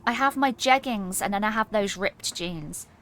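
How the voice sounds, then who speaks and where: A woman's voice: mid-range voice, moderate pace, a bit bright. A woman streaming a game, chatting playfully with her viewers and joking around. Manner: playful, giggly, chats to viewers. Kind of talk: casual gaming stream chat.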